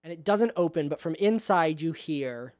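Casual game master, dry close sound. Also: male voice, a little high, lively intonation, normal speed, darkish tone, no room sound. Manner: casual, chatty. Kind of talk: narrating a tabletop game.

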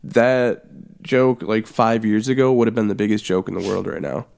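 A man co-hosting a comedy podcast, excitable and jokey, with sudden high exclamations. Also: moderate pace, creaky. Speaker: podcast co-host. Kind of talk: casual comedic chat.

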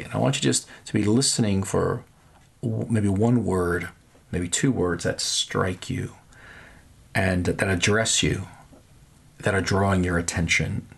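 A man leading a guided prayer meditation, speaking gently with long pauses and soft trailing endings. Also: low voice, vocal fry, husky. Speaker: pastor. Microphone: podcast microphone.

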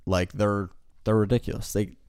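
A young man from Chicago with a Chicago accent, chatting casually in a halting, laid-back way. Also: on the low side, level tone, darkish tone, smooth, no echo, studio quality. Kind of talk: casual chat.

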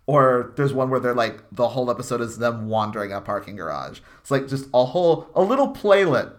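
A man co-hosting a podcast in casual chat, riffing in halting bursts with many restarts and "like"s. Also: mid-range voice. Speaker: podcast co-host.

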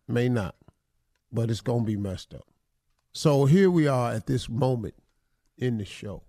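A man hosting an improv comedy show, talking in an animated way and laughing through his lines. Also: mid-range voice, a little slow, pauses often, dry recording, clean studio sound. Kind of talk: casual comedic chat.

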